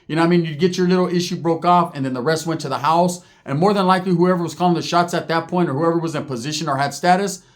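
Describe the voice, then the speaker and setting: A man with a fairly high voice spins casual prison stories. His talk is loose, profane and full of street slang, sprinkled with Spanish words, and he slips into quick impressions of the people in his tales. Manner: acts out other people's lines in quick voices. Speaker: storyteller recounting prison life. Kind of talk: casual storytelling.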